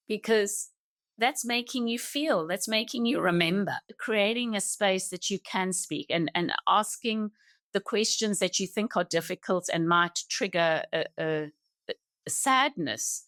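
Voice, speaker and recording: A middle-aged woman speaking as a podcast guest in an earnest, reflective, halting way, often restarting her sentences. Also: medium pitch, fairly bright tone, dry recording, clean studio sound. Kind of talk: reflective personal conversation.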